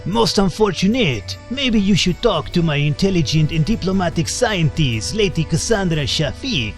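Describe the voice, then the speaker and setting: A man's voice: high-pitched, lively intonation, normal speed, faint music behind, pitched above the performer's own voice. A man voicing a boastful male French rival explorer in a clumsy put-on French accent while reading game dialogue aloud. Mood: smug.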